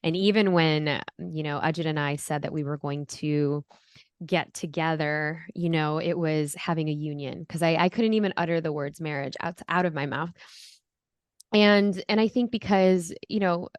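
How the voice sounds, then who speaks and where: A woman's voice: deep voice, normal speed, clean tone, dry recording. Earnest woman telling her story. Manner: earnest, reflective, many fillers. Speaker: guest. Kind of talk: candid personal storytelling.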